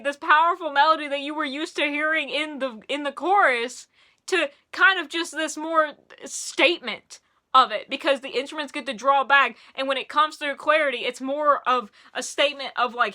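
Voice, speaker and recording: A young woman rambling excitedly through a casual music review, gushing and sometimes singing along. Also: high-pitched.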